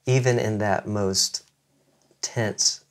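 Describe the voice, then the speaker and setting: A man's voice: fairly low pitch, fairly even intonation, very slow. A man in casual dinner conversation, thoughtful and affirming as he responds.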